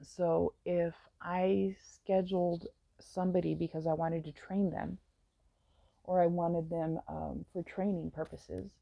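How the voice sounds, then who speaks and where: Low gravelly woman, frank and rambling. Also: level tone, measured pace, mellow, dry recording. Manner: frank and meandering, with many fillers. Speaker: vlogger telling her own story. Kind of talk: candid personal storytime.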